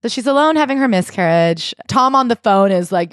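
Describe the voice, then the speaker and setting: A woman co-hosting a comedic podcast, retelling a memoir and acting out the quoted lines in animated voices. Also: medium pitch, a little fast, no echo. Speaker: podcast co-host. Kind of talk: comedic book recap chat.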